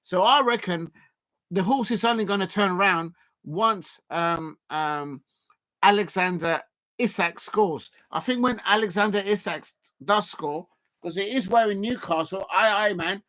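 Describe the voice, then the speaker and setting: A casual stream host talks over a live football match, wandering between the game, the viewers in chat and little asides. The voice is bright and forward, and it leaps into excited shouts whenever a shot goes close. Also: medium pitch, unhurried. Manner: rambling and chatty, gives shout-outs to chat viewers; bursts into excited shouts at chances on goal.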